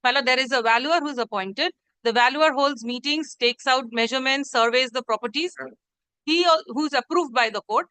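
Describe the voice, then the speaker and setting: In a live-streamed courtroom hearing, a female advocate makes a formal, deferential submission to the judge, repeatedly calling him "my lord." Her high voice is brisk, bright and forceful, and the recording is rough.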